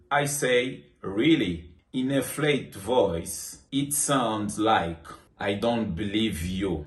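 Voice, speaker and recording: A man teaching English in a scripted lesson, speaking in slow, deliberate phrases and acting out short example sentences. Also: on the low side, reverberant.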